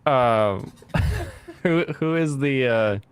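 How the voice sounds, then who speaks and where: Joking reaction-stream host, dry sound. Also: male voice, medium pitch, takes it slowly, clean tone, no room sound. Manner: joking, laughs often, rambling. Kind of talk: casual reaction commentary.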